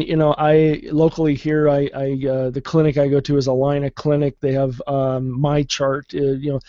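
Co-host guy, mellow voice, stumbles n restarts a lot, dry lo-fi mic. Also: a little high, no room sound. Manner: hesitant, many restarts. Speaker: podcast co-host. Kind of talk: casual tech podcast chat.

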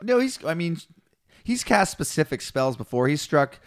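The podcast co-host's slightly high voice swings widely in pitch at a normal speed. Reading scripture aloud casually, he retells it with cursing, slangy asides and does impressions of the figures.

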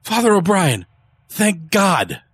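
A man's voice: a little high, brisk, sharp tone, dry recording, voice pushed up. A man voicing an arrogant rich heir who is now panicked, pleading in a quavering voice.

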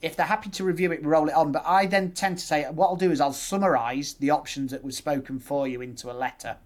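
A male dentist with a Yorkshire accent explaining his methods in a podcast conversation, laying out options in steady lists. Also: on the high side. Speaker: dentist guest.

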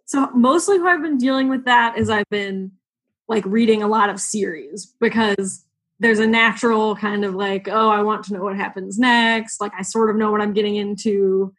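A woman's voice: medium pitch, normal speed. A woman on a casual podcast chat, rambling and searching for words, with lots of "like". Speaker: podcast guest.

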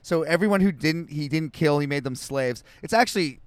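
A man's voice: on the high side, expressive, brisk, no echo. A man co-hosting a casual comedic podcast, reading scripture aloud between loose tangents. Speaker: podcast co-host. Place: home podcast setup in Austin.

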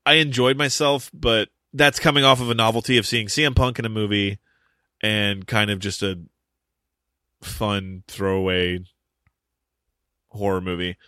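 A man co-hosting a podcast in loose, casual chat. His voice sits a bit low but sounds bright and forceful. He leans hard on his points and swears freely. The sound is close and dry, with no room around it. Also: fairly even intonation, measured pace, pauses often, clear, resonant tone, no room sound. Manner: emphatic, swears freely, long explanations. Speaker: podcast co-host explaining pro wrestling.

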